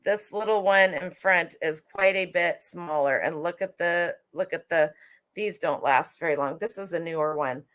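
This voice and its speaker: A woman's voice: lowish voice, normal speed, fairly bright tone. A middle-aged woman who resells vintage clothing, chatting casually and rambling on a live stream with lots of restarts.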